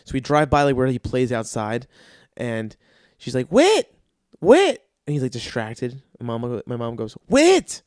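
A man's voice: mid-range voice, normal speed, smooth, no echo. Male podcast host, crude and rambling storyteller, dry recording. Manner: profane, rambling, animated. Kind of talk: casual storytelling monologue.

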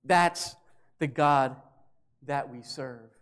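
A man's voice: mid-range voice, drawn-out words, a bit bright. A man preaching a sermon, walking through scripture verse by verse and sometimes acting out voices for emphasis. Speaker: pastor.

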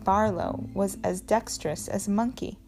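A woman narrating a novel in the first person with steady storytelling. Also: mid-range voice, normal speed, creaky, soft background music. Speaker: audiobook reader.

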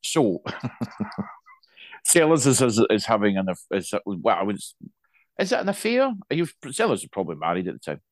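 Low-voiced man rambling through a chat. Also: very animated, moderate pace, pauses often, no room sound. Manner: rambling, many restarts and asides. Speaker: podcast co-host. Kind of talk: casual chat.

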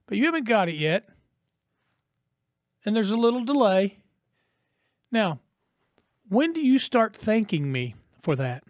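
A man's voice: high voice, dry recording, studio quality. A man preaching a sermon as a pastor, earnest and conversational, posing rhetorical questions to his listeners.

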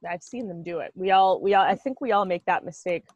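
A woman in her thirties from Canada, a musician guest on a podcast, chatting in an animated way and laughing often. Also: lowish voice, brisk, no echo, muffled recording. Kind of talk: casual chat.

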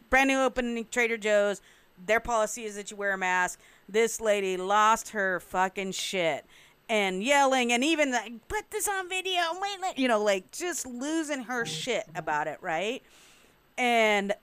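A woman's voice: on the high side, fairly bright tone, clean tone, dry recording. A woman in a casual group discussion, recounting events frankly and with swearing. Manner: frank storyteller, profane, recounting events at length.

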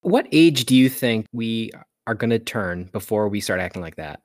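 A man's voice: lowish voice, lively intonation, moderate pace, a little mellow. A man co-hosting a casual podcast, teasing and wisecracking with his co-host. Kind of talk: casual chat.

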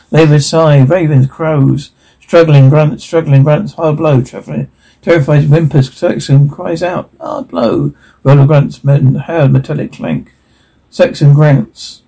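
A man reading audio description, voicing sound cues and dialogue in a flat, even way. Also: a little high, creaky, husky, poor audio.

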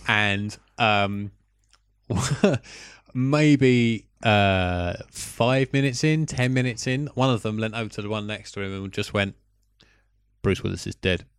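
A man's voice: on the low side, slow, smooth, no echo, clean studio sound. A man hosting a casual film podcast, chatty and jokey as he tells stories. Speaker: podcast host. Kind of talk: casual chat.

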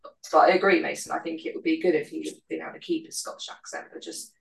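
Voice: mid-range voice, fairly even intonation, quick pace, gravelly, fairly bright tone, a little hiss or hum, low-quality recording. A podcast host in casual chat, musing aloud and offering tentative theories.

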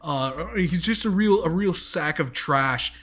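A man putting on a young bro-ish guy who sounds like he just ate very hot wings, halting and repeating himself. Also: on the high side, lively intonation, fairly bright tone. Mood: grumbling. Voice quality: strained, burning-mouth voice as if after hot wings.

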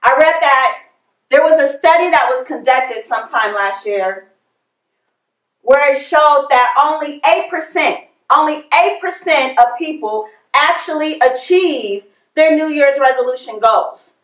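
A woman with a high voice preaches slowly, leaving space between her phrases. She repeats her words for emphasis. The sound is echoey, as if she is in a large room. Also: animated, a bit bright. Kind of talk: sermon.

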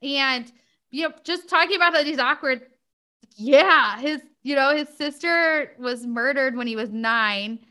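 A woman's voice: sits high, a little slow, sharp tone. A woman hosting a podcast, talking casually with many fillers and asides. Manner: chatty, many fillers like "like" and "you know". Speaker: podcast host. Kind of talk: casual chat.

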